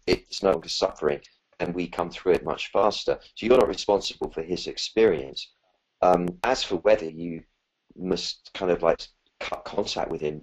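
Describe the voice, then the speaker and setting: Man, very low voice, husky, spiritual teacher, live Q&A, rambling with fillers. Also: muffled recording. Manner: warm, earnest, rambling with fillers and restarts. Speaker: spiritual teacher answering questions. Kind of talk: live Q&A talk.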